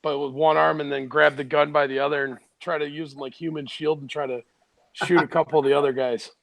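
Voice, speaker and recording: A man's voice: on the high side, little pitch movement, brisk, vocal fry, fairly bright tone, no room sound, poor audio. A man playing a tabletop game, casually describing his moves and rolls. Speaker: player.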